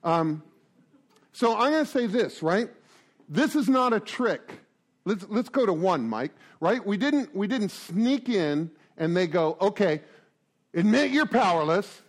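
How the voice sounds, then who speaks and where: A man around sixty giving a joking, animated talk to a recovery group, full of rhetorical asides. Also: high voice, a little slow. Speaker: recovery meeting speaker.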